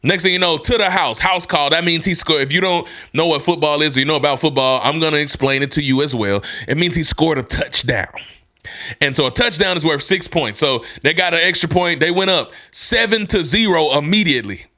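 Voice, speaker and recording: Animated, bright-voiced man telling a hyped story. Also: brisk. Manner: animated, swings from hyped shouts to low somber tones. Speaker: podcast host. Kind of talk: motivational storytelling.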